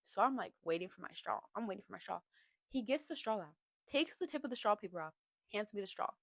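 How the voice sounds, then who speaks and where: A young adult woman hosting a podcast, telling a story in a chatty, animated way, laughing often and filling her talk with "like.". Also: medium pitch, quick pace, vocal fry, no echo. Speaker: podcast host. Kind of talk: casual storytime chat.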